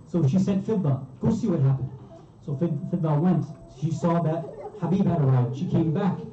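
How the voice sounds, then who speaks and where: In a community religious hall, a man delivers a sermon, narrating a story with vivid emotion. His voice is a little high and dark in tone, moving at a moderate pace. The recording is roomy, distant and dull.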